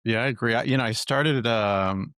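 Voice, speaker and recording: A man hosting a podcast, asking questions in an easygoing, measured way. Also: mid-range voice, a bit bright, clean tone, no room sound, studio quality. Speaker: podcast host. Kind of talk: casual interview chat.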